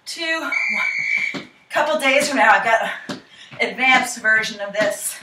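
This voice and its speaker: A young woman coaches a cardio workout while doing it herself, breathing hard between cues and counting down each set. Her slightly high voice carries from a distance in an echoey room with clear noise behind. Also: lively intonation, unhurried. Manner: encouraging, counting down reps. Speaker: fitness instructor. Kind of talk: workout instruction while exercising. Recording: echoey room, camera mic from far off.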